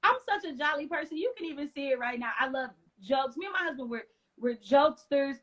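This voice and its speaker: A woman from the United States, an interview guest, telling her story in an animated way and acting out what others said. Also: high-pitched, fairly quick, rough recording. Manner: lively retelling with acted-out quotes.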